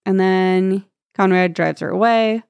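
A woman with a gravelly, fry-tinged voice chats casually about a book in a sarcastic, playful way, laughing often. The recording is dry and close. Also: medium pitch, fairly even intonation, measured pace, a little mellow, dry recording. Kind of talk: casual chat recapping a book.

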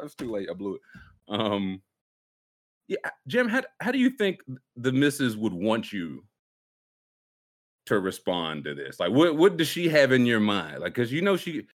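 A man chatting on a podcast with a lively, bouncing delivery. He jokes around constantly and slips into silly voices while telling stories. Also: on the low side, normal speed, pauses often. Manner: animated joking, puts on silly voices. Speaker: podcast host. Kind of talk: casual chat.

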